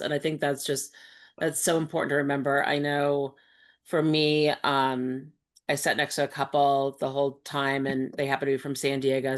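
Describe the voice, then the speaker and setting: A woman hosting a support group discussion, speaking in a reflective, thoughtful way with frequent fillers. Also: a bass voice. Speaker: host and support group facilitator.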